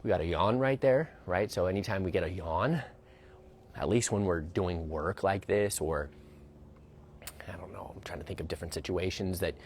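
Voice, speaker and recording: A man's voice: lowish voice, slight background noise. A man working as a dog trainer, explaining a training session outdoors as he goes and often checking in with "right?". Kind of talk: narrated training demonstration.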